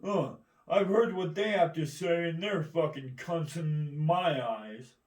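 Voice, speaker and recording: Brief: man, rambling profane rant, combative, slightly high voice, distant mic in an echoey room. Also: slow pace, darkish tone. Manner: heavy swearing, keeps asking "right?".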